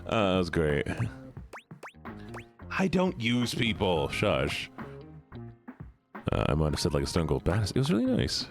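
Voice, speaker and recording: A male streamer reacts to a game live and chats playfully with viewers. His pitch is lively and animated. Game music plays clearly under his voice. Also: a little slow, long pauses. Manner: playful, animated, talks to chat.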